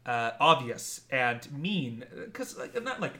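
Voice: medium pitch, big pitch swings, measured pace, pushed and bright. A person in a casual chat, speaking hesitantly with many fillers and self-corrections.

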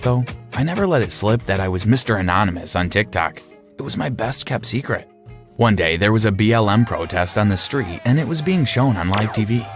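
A young man narrating a first-person story in a steady storytelling manner. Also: on the low side.

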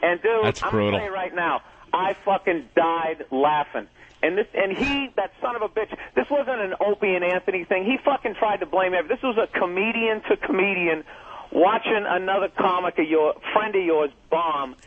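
A man on a radio show, a comedian telling a profane, animated story in casual chat. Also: high voice, fairly quick. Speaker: comedian guest. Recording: tinny phone line.

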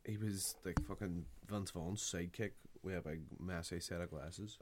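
A man's voice: deep voice, steady tone, normal speed. A man chatting casually about films, swearing and hesitating with frequent fillers. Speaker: podcast co-host. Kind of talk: casual chat.

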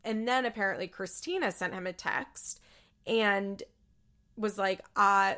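A woman's voice: mid-range voice, measured pace, fairly bright tone. A woman giving an opinionated, casual recap of a reality show, acting out what the people said. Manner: chatty, opinionated, acts out quotes. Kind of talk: casual commentary.

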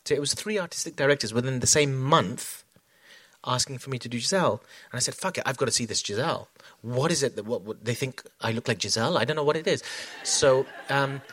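A man's voice: mid-range voice, fast talker, a bit bright, slightly rough, no echo. A man talking as a choreographer in an onstage conversation, reflective, with many fillers and restarts. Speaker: choreographer guest.

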